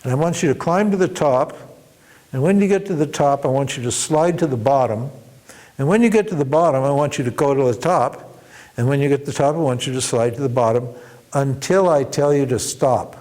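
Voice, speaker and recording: A man doing a desperate, raised-pitch everyman. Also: fairly quick, a little mellow, natural voice. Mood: commanding. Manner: pleading, higher pitched. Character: desperate ordinary man, pleading then bossy.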